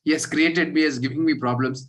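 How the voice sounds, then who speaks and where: A man giving a scripture class, telling a parable in an animated way and acting out the characters' lines. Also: on the high side, fast talker, rough recording. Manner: animated storyteller, acts out quoted characters. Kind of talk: storytelling sermon.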